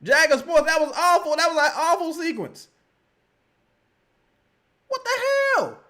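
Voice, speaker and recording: A man reacting live to a basketball game and reading chat, with loud, profane, exasperated outbursts. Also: very high voice, animated, measured pace. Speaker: sports streamer reacting live.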